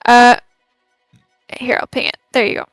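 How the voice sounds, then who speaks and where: A woman taking part as a player in a tabletop game, talking through her moves in a deliberate way. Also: fairly high pitch, flat delivery, a bit bright, no echo, soft background music, poor audio.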